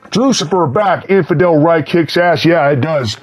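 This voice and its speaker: A man's voice: on the high side, normal speed. A man with a mild Texas accent, speaking through a voice changer, answers viewer questions in blunt, profane, rambling casual chat.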